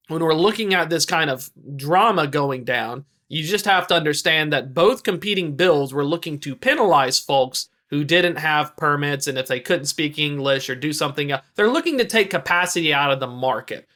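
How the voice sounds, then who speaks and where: A man's voice: a little high, moderate pace, bright, forceful tone. A man working as a trucking analyst, explaining industry news on a podcast in a casual, slangy storytelling way.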